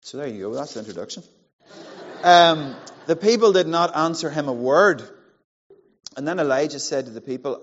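A man in his forties preaching a sermon, animated and playful, acting out the voices in the story. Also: a little high, normal speed. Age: 40s. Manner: animated, playful, acts out quotes. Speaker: pastor. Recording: muffled sound in a large hall.

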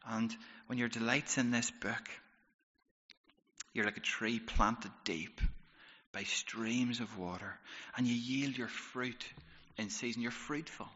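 Male pastor, sermon delivery, bright and forceful, lively storyteller, long hall reverb. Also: mid-range voice, slow. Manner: lively storytelling, rises to loud bursts. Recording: reverberant hall, slightly dull sound.

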